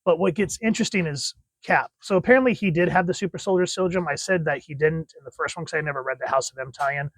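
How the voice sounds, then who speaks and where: A man's voice: on the high side, fast talker, few pauses, no echo. Enthusiastic man reviewing comics. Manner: enthusiastic, chatty.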